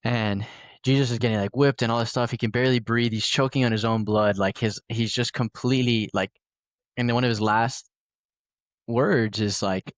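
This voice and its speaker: A man's voice: mid-range voice, fairly even intonation, moderate pace, no echo, studio quality. A young man hosting a podcast, telling a personal story in a rambling, casual way with many fillers. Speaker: podcast host. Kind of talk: casual conversation.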